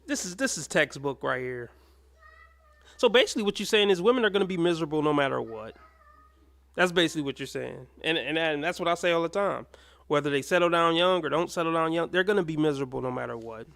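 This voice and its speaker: A man's voice: a little high, animated, fast, vocal fry, fairly bright tone. Blunt mocking male commentator. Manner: blunt, mocking, swears freely. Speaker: commentator reacting to clips. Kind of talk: reaction commentary.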